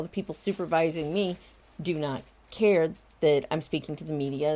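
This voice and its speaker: A woman in her forties talks to her viewers in a casual vlog. Her voice sits a little low and sounds mellow and relaxed. She speaks earnestly and with emphasis, as if reassuring people one by one. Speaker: vlogger and home confinement advocate. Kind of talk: casual direct-to-camera vlog.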